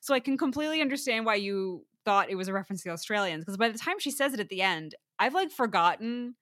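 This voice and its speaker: Bright, eager woman podcaster. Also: mid-range voice, animated, dry recording, clean studio sound. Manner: enthusiastic, quick agreeing, laughs easily. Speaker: podcast co-host. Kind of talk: casual recap chat.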